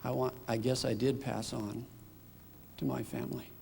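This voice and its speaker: A middle-aged man tells a personal story to a gathering with earnest feeling. His voice is gravelly and sits in the middle range. The sound carries a long reverb, as in a large hall. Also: mid-range voice, little pitch movement, moderate pace, warm tone, a little hiss or hum. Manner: earnest storytelling, acts out his own quotes. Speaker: father giving a talk. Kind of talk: personal testimony talk.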